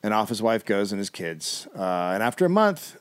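A man's voice: lowish voice, sing-song, moderate pace, clear, resonant tone. A man co-hosting a comedy podcast, telling a history story casually with wry asides and the odd swear.

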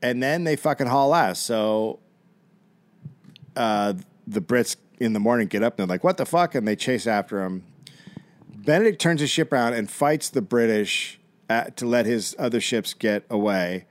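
A man's voice: medium pitch, normal speed, dry recording. A middle-aged man co-hosting a comedy podcast, retelling history in a casual, profane, wry way. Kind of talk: casual storytelling.

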